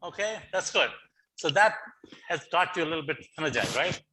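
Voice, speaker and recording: A middle-aged man speaking over a video call as a guest speaker, coaxing his audience through a lively online session and often repeating words as he gets going. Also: on the high side, brisk, poor audio. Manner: animated, coaxing, repeats words when starting. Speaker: guest speaker for teacher training. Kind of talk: online lecture leading laughter exercises.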